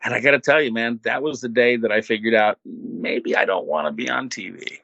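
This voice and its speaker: Bright, lively-voiced older radio man. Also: mid-range voice, brisk, vocal fry, dry recording, lo-fi sound. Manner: animated, laid-back storyteller who acts out quotes. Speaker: interview guest, former radio host. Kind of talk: casual storytelling.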